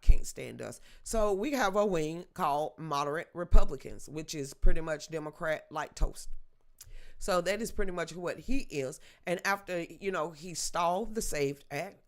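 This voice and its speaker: A woman's voice: on the low side, normal speed. Blunt, opinionated woman commentator. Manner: opinionated, colloquial and emphatic. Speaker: political commentary host. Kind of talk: live political commentary.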